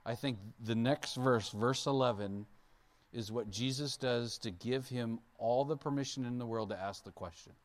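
Male pastor, sermon, chatty delivery, checks in with the crowd, mid-pitched voice. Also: normal speed. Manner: conversational, asks the audience questions; acts out Bible figures in playful voices.

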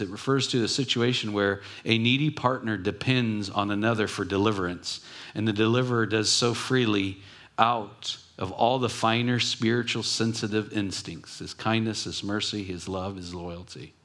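A man preaching a sermon in an earnest way, often dropping to a soft hush on key words. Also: lowish voice. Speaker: pastor.

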